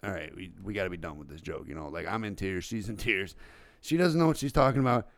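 A man in his thirties co-hosting a casual podcast chat, an animated storyteller who laughs a lot. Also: on the low side, fast, no echo. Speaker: podcast co-host.

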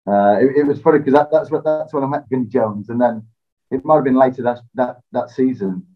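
A man's voice: medium pitch, brisk. Guy chatting easy, laughs a lot, kinda dull muffled sound. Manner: relaxed, self-deprecating, laughs often. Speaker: interview guest, former footballer. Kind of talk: casual interview storytelling.

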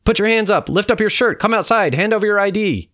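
A man voicing male soldiers who bark loud orders at a family during a night raid, in a read-aloud story. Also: sits high, quick pace, pitched above the performer's own voice. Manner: barked, loud commands. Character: shouting male soldiers at a door.

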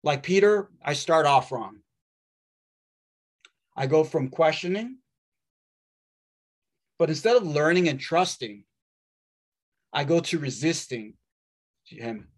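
A man preaching a sermon in a wry, conversational way, with dramatic pauses. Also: on the high side, animated.

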